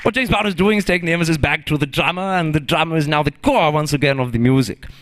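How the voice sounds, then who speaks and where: A man's voice: fairly high pitch, fast talker, a bit bright, some chatter behind, close to an everyday voice. A man playing a pompous German professor with a put-on German accent, lecturing grandly. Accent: fake German.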